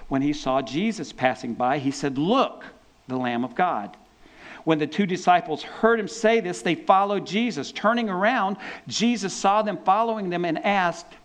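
A man with a fairly high voice teaches from scripture in a relaxed, conversational way. He turns lively as he retells the story. He often stumbles and restarts his sentences as he goes. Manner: animated storytelling with repeated restarts. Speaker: preacher.

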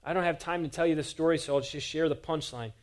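A man's voice: a little high, steady tone, fast talker. A man preaching a sermon as a pastor, earnest and emphatic, driving his points home with repeated rhetorical questions.

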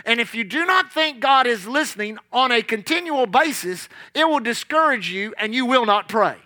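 A man's voice: very high-pitched, expressive, normal speed, bright, forceful tone. A man preaching a sermon, emphatic and storytelling, repeating his key lines.

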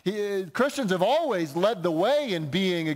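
A pastor preaching a sermon in a conversational, explaining way, often restarting phrases. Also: male voice, sits high, animated, unhurried.

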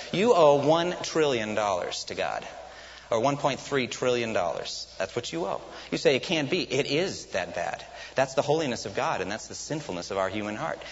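A man preaching a sermon to his congregation as its pastor, putting questions to the listeners and then answering them himself. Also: mid-range voice. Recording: lo-fi hissy recording in a reverberant hall.

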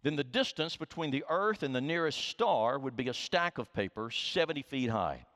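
A man preaching a sermon as pastor, lively and earnest, often repeating words and dropping to a hush for emphasis. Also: on the high side. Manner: animated preaching, repeats words, drops to hushed tones. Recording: long hall reverb.

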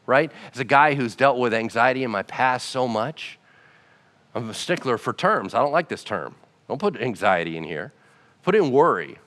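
Animated pastor preaching in a reverberant hall. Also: male voice, mid-range voice. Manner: animated, conversational preaching with acted-out dialogue. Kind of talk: sermon.

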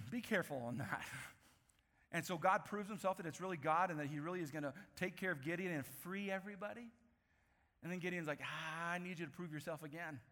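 A man preaching a sermon, telling a Bible story with lively, acted-out voices and frequent laughs. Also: high voice, fairly quick. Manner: animated storytelling, acts out voices, laughs often. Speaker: pastor. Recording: echoey hall recording.

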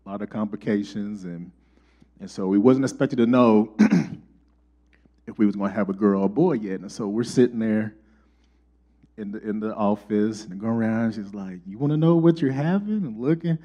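Warm-toned man preaching with folksy stories. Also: lowish voice, normal speed, highs cut off. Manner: folksy storytelling, rising animated for quoted dialogue. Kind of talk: sermon with personal stories.

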